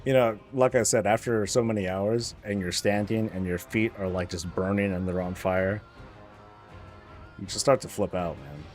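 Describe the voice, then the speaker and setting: A man's voice: lowish voice, normal speed, faint music behind. A man streaming, chatting casually, rambling and joking, swearing freely. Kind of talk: casual chat.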